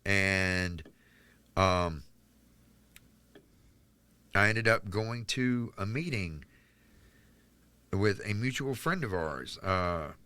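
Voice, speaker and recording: A man's voice: low voice, expressive, extremely slow, pauses often, pushed and bright, clear, resonant tone. A man from North Carolina, a podcast guest telling his life story in a candid, rambling way full of "like". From Charlotte, North Carolina, US. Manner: rambling and candid, heavy use of "like". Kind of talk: personal storytelling in a casual interview.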